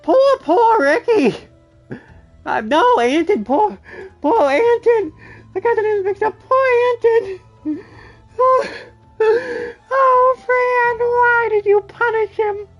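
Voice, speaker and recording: A man voicing a frantic young male civilian searching for a lost friend, with a shrill, wailing delivery that swings between laughing and sobbing. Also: fairly even intonation, fast, faint music behind, natural voice. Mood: hysterical wailing.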